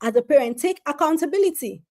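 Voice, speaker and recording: A woman's voice: high-pitched, lively intonation, fast talker, a little mellow. A woman giving an earnest parenting advice talk, speaking straight to parents and repeating key points for emphasis. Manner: addresses parents directly.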